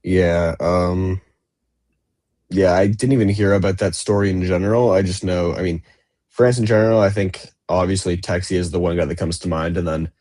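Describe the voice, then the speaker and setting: A man's voice: deep voice, darkish tone, dry recording, studio quality. A young man co-hosting a casual sports podcast, talking in a chatty way and often restarting his sentences. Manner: chatty, with frequent restarts and fillers. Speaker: podcast co-host. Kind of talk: casual chat.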